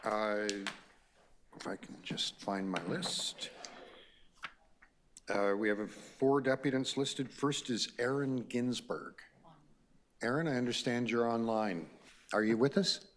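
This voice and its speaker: A man chairs a city committee meeting and calls the speakers in a brisk, procedural manner. His voice is mid-pitched.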